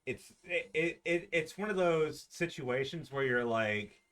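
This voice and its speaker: A man running a tabletop game, describing the scene in a halting, casual way with lots of restarts and slang. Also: on the high side, animated, fairly bright tone. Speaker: dungeon master.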